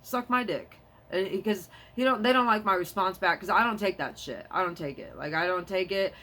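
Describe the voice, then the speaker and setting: A young adult woman talking to camera in a rambling casual monologue, jumping between topics and quick to get heated. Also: mid-range voice, a bit bright. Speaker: vlogger.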